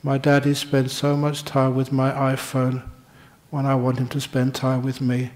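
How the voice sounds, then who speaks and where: A man's voice: mid-range voice, completely flat delivery, unhurried, darkish tone, lightly acted. A man voicing a wistful young boy of about nine, in a plain, earnest retelling.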